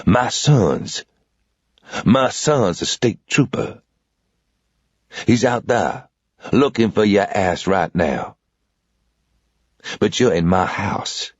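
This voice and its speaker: A man voicing a gruff old Southern American man in his sixties, with a cool, calm drawl and lots of swearing. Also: fairly low pitch, slow, pauses often, no echo, dull audio, full character voice. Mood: menacing. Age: 60s.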